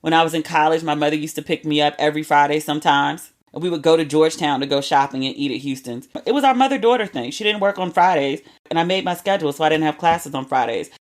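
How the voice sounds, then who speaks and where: A woman podcast host talking in a loose, storytelling way, her voice sitting a little low. She is candid and chatty, drops slang and the odd swear, and sounds like she is confiding in listeners. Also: fast, hardly any pauses. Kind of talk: casual storytelling monologue.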